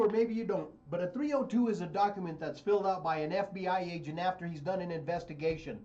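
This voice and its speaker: A man's voice: sits high, dark tone, lo-fi sound. A man talking politics on a radio show, blunt, heated and mocking.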